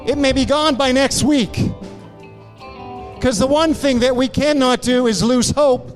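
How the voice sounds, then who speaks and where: A man's voice: very high-pitched, fairly even intonation, unhurried, faint music behind. A male pastor preaching with fervent, repeated exhortations during a church service. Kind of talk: sermon.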